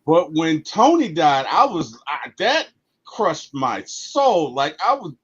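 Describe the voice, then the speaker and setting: A man co-hosting a casual movie podcast, telling stories with emotional, animated delivery and a husky voice. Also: on the high side, takes it slowly, highs cut off, a little hiss or hum. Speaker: podcast co-host.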